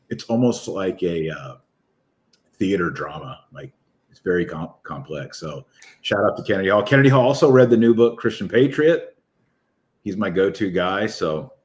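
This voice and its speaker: A man with a deep voice, talking as an author guest in an enthusiastic, rambling podcast chat. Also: darkish tone. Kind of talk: casual podcast conversation.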